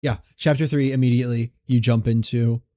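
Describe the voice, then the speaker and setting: A man reads chapters of his own western novel aloud on a live stream. His voice is dark and mellow, the room sound dry and close. He often stumbles and restarts words as he reads. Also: mid-range voice, fairly even intonation, no room sound. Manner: halting, restarts words while reading. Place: home streaming setup.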